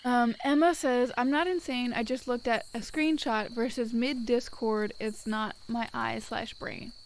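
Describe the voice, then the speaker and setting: A woman's voice: on the high side, fairly even intonation, measured pace, slight background noise, poor audio. A woman streamer in casual live chat, reading viewer messages aloud, rambling with fillers and swearing freely. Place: at her desk at home.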